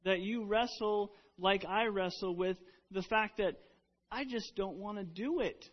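High-voiced man preaching a sermon. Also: a little slow. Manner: earnest, with frequent restarts. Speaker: pastor. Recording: dull lo-fi recording.

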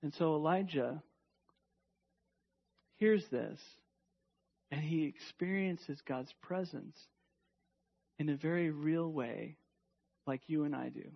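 A man preaching a sermon emphatically, asking rhetorical questions and dropping to a hush at times. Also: a little high, slow, vocal fry, long pauses, husky, highs cut off. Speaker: pastor.

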